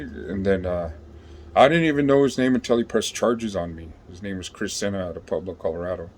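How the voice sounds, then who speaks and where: A man with a fairly low voice tells a story in a loose, rambling way. He swears freely and keeps filling pauses with ums and you-knows. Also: a little mellow, slight background noise. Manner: rambling, profane, with many fillers. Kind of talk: casual storytelling.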